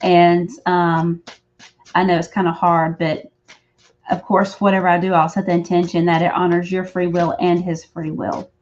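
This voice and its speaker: A woman's voice: fairly low pitch, level tone, normal speed, a little mellow. A woman doing a live tarot reading, chatty and rambling, often correcting herself, in the back room of a shop. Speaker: psychic reader. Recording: dull lo-fi stream audio.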